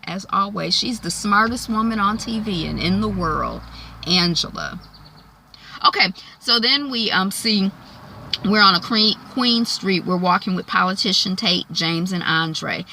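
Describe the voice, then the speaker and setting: A woman's voice: fairly low pitch, expressive, normal speed, vocal fry, sharp tone, dry recording. A woman giving a casual, chatty TV episode recap, with many fillers and put-on voices when she quotes characters. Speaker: TV recap vlogger.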